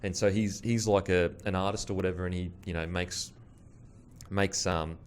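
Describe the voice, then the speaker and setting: A young Australian man hosting a podcast, telling a story in casual chat with swearing and animated delivery. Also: deep voice, normal speed, slight background noise. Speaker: podcast host.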